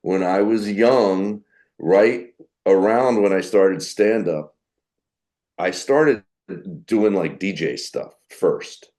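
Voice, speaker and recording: Middle-aged guy, real low voice, chatty comedian rambling through old stories. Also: slow, darkish tone. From New Jersey. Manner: chatty, anecdotal, self-mocking. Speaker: guest comedian. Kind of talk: casual storytelling interview.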